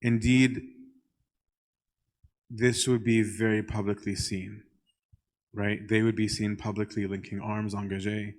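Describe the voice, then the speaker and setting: Low-voiced priest telling a story. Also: male voice, flat delivery, a little slow, long pauses. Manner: conversational, keeps checking in with "right?"; frequent filler "um". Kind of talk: storytelling church talk.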